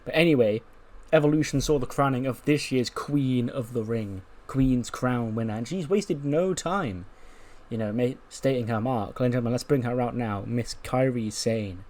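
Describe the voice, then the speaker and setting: A man's voice: mid-range voice, moderate pace, darkish tone. A young man casually narrating a game playthrough in a rambling, offhand way, swearing now and then. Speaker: let's-play narrator.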